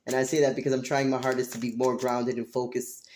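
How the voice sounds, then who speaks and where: A woman in her late forties talks straight to her tarot audience in an emotional personal monologue. Her voice is warm and mellow, and she drives her points home with passion, open swearing and repeated phrases. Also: very deep voice, flat delivery, fast, slight background noise. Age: 40s. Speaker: tarot reader and channel host.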